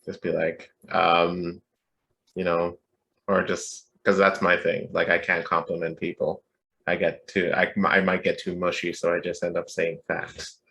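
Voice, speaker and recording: A man's voice: sits low, little pitch movement, unhurried, gravelly, sharp tone. A young man co-hosting a podcast in casual chat, joking and profane, rambling from one point to the next. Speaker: podcast co-host.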